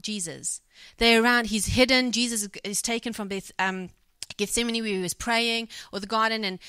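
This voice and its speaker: A woman's voice: on the high side, sharp tone, no echo. A woman preaching a sermon, reading a scripture passage and then retelling it in her own words with acted quotes, correcting herself as she goes. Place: church.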